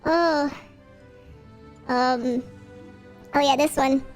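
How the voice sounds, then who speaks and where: A woman doing a high, squeaky baby-talk voice, drawled slowly and dissolving into giggles, with faint music playing underneath. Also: fairly even intonation. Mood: silly. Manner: giggly, breaks into laughter.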